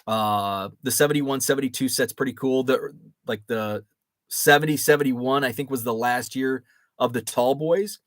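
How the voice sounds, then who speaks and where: Rambling host with a dry close sound. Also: male voice, mid-range voice, moderate pace, a bit bright, dry recording. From Chicago area. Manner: rambling, many fillers and restarts. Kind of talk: casual live chat reading comments.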